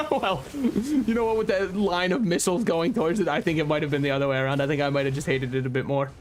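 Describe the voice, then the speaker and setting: Joking man streaming a game, slightly high voice. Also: steady tone, fast, a little hiss or hum. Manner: rambling, joking, laughs often at his own remarks. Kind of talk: casual live-stream gameplay commentary.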